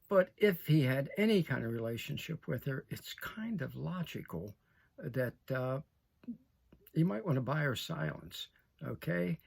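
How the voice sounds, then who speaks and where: A man's voice: mid-range voice, creaky, breathy edge. An older man giving an emphatic political opinion monologue, repeating phrases and checking in with "okay?". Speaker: political commentator.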